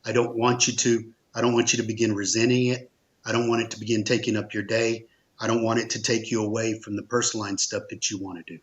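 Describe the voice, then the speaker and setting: A man's voice: on the low side, flat delivery, fast talker, highs cut off. A man, an insurance agency owner, telling stories in a conversational interview, earnest and emphatic, repeating phrases for stress. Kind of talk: conversational storytelling.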